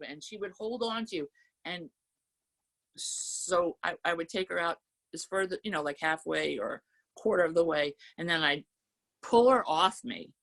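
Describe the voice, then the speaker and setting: A woman poet on a video call reading her poems slowly and telling chatty stories between them. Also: fairly low pitch, fairly bright tone. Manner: slow, measured reading of verse, then chatty storytelling. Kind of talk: poetry reading with anecdotes.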